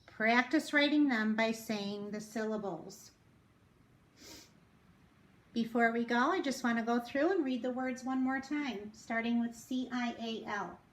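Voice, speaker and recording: A woman teaching a phonics lesson, sounding out words slowly and carefully for young readers. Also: fairly high pitch, echoey room. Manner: slow, careful, drawn-out word sounding. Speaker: reading teacher.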